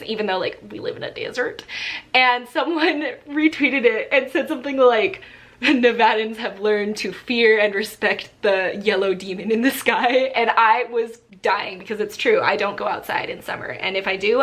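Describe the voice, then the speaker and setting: Gushing young woman unboxing books. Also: fairly high pitch. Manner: gushing, excitable, chatty. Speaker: book vlogger. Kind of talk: casual unboxing vlog.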